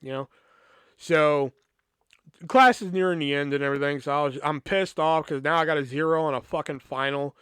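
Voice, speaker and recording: A man with a fairly high voice tells a meandering story from his school days. He swears constantly, pads his sentences with filler words and keeps restarting them. The sound is dry, with no room echo. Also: steady tone, normal speed, fairly bright tone, clear, resonant tone. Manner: rambling, heavy swearing, many fillers. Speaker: podcast host. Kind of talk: casual storytelling.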